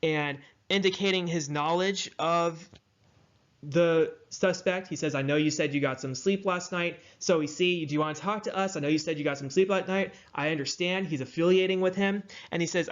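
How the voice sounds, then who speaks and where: A man's voice: fairly high pitch, moderate pace, muffled recording. A man lecturing in a conversational way, often checking in with his students as he breaks things down. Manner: conversational, checks in with "right?" and "okay?". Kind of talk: university lecture.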